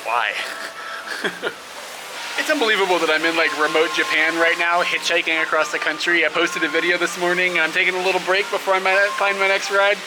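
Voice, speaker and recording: A man's voice: high voice, steady tone, quick pace, hardly any pauses. Chatty young man vlogging outdoors. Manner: chatty, laughs often, rambling with fillers. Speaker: travel vlogger. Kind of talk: casual vlog to camera. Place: outdoors by roads and rest stops. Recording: outdoor camera audio with clear traffic noise.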